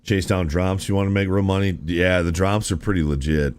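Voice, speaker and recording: A man's voice: sits low, fairly even intonation, brisk, a little mellow, clean tone. A man streaming a video game, chatting casually and musing aloud to his viewers, often calling them "dude". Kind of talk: casual live-stream gameplay chat.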